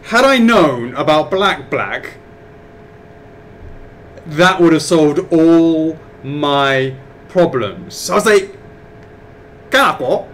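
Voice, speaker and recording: A man co-hosting a live stream, telling a story in animated, quick bursts. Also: fairly high pitch, slight background noise. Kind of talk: casual chat on a live stream.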